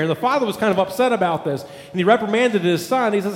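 High-voiced pastor preaching in an echoing hall. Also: male voice, quick pace, few pauses. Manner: emphatic, builds repeated lists, restarts phrases. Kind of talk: sermon.

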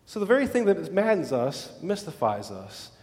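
A pastor delivers his sermon with a high, lifted voice. He drops into hushed, low phrases, then rises into loud, fervent exclamations. The sound rings with the long reverb of a large hall. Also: very animated, normal speed. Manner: dramatic, swings between hushed low lines and loud exclamations.

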